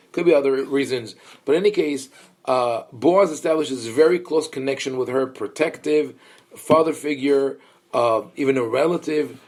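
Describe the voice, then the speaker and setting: Male rabbi giving a study lecture; reflective and explanatory, medium pitch, hesitant and conversational. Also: a little mellow. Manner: thoughtful, explanatory, many fillers and restarts; engages listeners with questions. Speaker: rabbi teaching a class.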